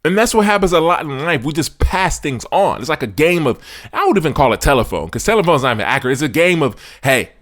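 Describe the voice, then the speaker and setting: A man hosting a sports podcast, delivering a preachy monologue straight to his listeners in casual slang, swinging from loud emphasis to hushed asides. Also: a little high, very animated, fast talker.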